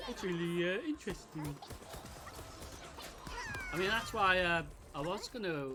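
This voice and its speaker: A British woman commenting on a live game stream, excitable, often shrieking and laughing. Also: fairly low pitch, a little slow, over music.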